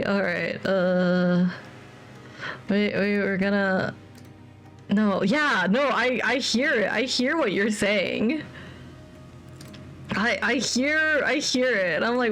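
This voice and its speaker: Rambling young woman streamer. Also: fairly high pitch. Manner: rambling, repeats herself. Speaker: livestreamer. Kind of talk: casual stream chat.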